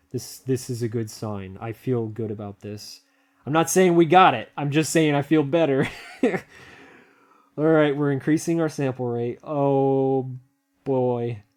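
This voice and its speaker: Man, mid-pitched, casual walkthrough, rambling, excitable, frequent laughs. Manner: thinks aloud, rambling with filler words and restarts. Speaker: hobbyist video maker. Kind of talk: casual hands-on tech walkthrough.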